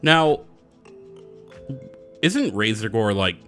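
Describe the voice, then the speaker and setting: A man hosts a loose gaming podcast in a bright, forward voice. He rambles and swears casually, chasing tangents mid-thought. Faint music plays underneath. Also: fairly low pitch, big pitch swings, drawn-out words. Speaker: podcast co-host.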